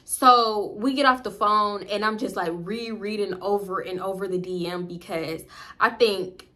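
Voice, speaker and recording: A storytime vlogger with a Southern US accent tells a casual, slangy, profane story at a measured pace, calling her viewers "y'all." She's animated, acting out what other people said with big jumps in pitch.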